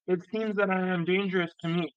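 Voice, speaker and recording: Cast: chatty, folksy old gardener, high-ish clear voice, read by a man, dull lo-fi sound. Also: fairly even intonation, fairly quick, dry recording, lightly acted. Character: grateful old male gardener, talkative. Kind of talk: audiobook reading.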